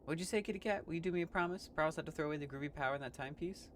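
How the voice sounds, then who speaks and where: A man voicing a laid-back talking cat who speaks in quick, smooth hipster slang. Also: a little high, fairly bright tone, a little hiss or hum, pitched above the performer's own voice, natural voice. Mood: cheerful.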